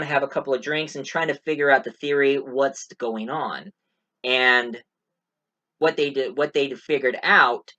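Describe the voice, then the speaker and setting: A man's voice: medium pitch, fairly bright tone, rough recording. Casual male movie reviewer, rambling and jokey. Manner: rambling, many fillers, joking asides.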